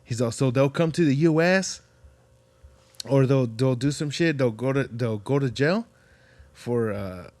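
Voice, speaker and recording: A man hosting a casual podcast, talking in a relaxed, slangy way, swearing freely and filling his stories with "like" and "dude". His voice sits at a middling pitch and sounds dry and close, with no room around it. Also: unhurried, no room sound. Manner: slangy, profane storytelling with lots of fillers. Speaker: podcast host. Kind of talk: casual chat.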